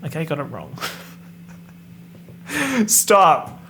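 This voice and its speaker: A man hosting a casual solo podcast, chatting and guessing out loud as he reads and half-sings song lyrics. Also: a little high, wildly swooping pitch, drawn-out words, slight background noise. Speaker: podcast host. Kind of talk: casual solo podcast, pop music quiz.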